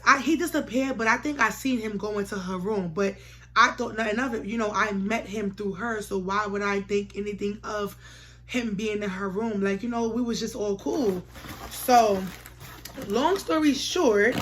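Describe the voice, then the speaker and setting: A young woman vlogger telling a storytime tale in slangy, animated chat, acting out the lines of the people in it. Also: on the high side, slight background noise. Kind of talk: storytime vlog.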